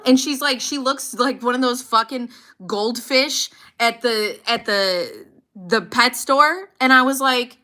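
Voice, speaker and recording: A woman in her thirties, a podcast host, casually telling a personal story in a blunt, animated way and swearing freely. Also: a little high, normal speed. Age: 30s. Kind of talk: casual storytelling to a live audience.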